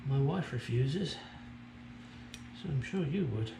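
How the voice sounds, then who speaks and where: Male hobby mechanic, vlog, chatty and crude, mid-pitched voice, faint hum behind. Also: lively intonation, slow, creaky. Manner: chatty, joking, crude asides; talks while working with tools. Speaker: car restoration vlogger. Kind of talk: casual workshop vlog. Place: home garage workshop. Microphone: camera mic on a stand nearby.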